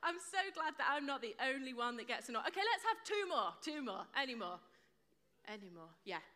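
A woman's voice: on the high side, sing-song, brisk, bright, forceful tone. A woman preaching to a live congregation in a chatty, playful way, joking and quizzing people, on a close mic that picks up her breathing. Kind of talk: chatty sermon with audience banter. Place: church hall with a live congregation. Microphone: close mic without windshield, audible breathing.

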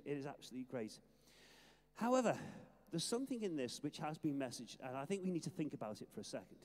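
An older retired minister preaching a sermon, reading scripture in an earnest, emphatic way with some hesitant restarts. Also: male voice, medium pitch, expressive, a little fast, a little mellow, long reverb tail. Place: church.

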